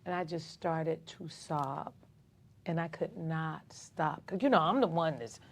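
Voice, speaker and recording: A woman with a deep voice talks a little slowly. She's a community activist from Atlanta, Georgia, telling her own story casually in an interview and bringing it to life by acting out other people's dialogue.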